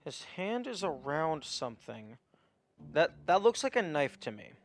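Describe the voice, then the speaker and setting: A man's voice: on the high side, big pitch swings, unhurried, a little hiss or hum. A man streaming a mystery puzzle game, thinking aloud in casual muttered commentary with the odd swear. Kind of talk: let's play commentary.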